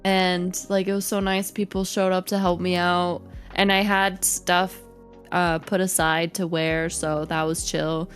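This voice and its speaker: A woman's voice: on the low side, level tone, measured pace, faint music behind. A woman guest, a streamer and content creator, chatting casually in an interview, bubbly and giggly with lots of "like" fillers.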